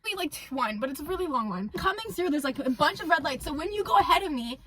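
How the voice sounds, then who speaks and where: A woman's voice: high voice, lively intonation, quick pace, fairly bright tone, no room sound. A teenage girl chatting casually with a friend, giggling and rambling as she defends herself. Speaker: co-host. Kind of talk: casual chat.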